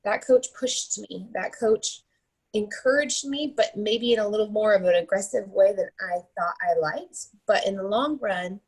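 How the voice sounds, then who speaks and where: A woman's voice: mid-range voice, normal speed, slightly rough, rough recording. A woman in her thirties tells a motivational story in a chatty way, often tagging her points with "right?" and "like". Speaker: team leader giving a motivational talk.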